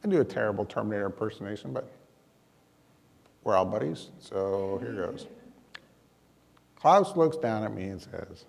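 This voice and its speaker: A man giving a talk, telling a personal story to an audience in a lively, self-deprecating way with comic timing. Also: fairly low pitch, moderate pace, gravelly, long pauses, big-room sound. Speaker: emergency manager giving a talk.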